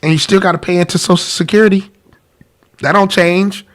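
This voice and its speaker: A man's voice: high voice, steady tone, a little fast, a bit bright. A man hosting a live-streamed talk about money, congested from a cold, earnest and pleading, repeating himself. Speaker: podcast host.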